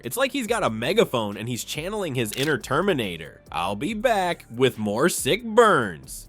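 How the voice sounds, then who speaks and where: A man's voice: fairly high pitch, a bit bright. A man narrating a scripted comedic commentary in a snarky, punchline-driven way.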